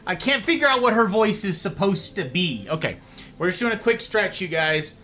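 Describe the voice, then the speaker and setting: Playful, high-voiced male streamer. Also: big pitch swings, normal speed, sharp tone. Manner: playful, goofy, jokey voices. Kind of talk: live game commentary.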